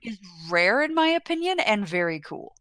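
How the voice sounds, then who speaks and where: A woman's voice: fairly high pitch, very animated, moderate pace, a bit bright, clear, resonant tone, no echo, studio quality. A woman talking earnestly and thoughtfully in casual chat. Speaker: co-host, newcomer to the story.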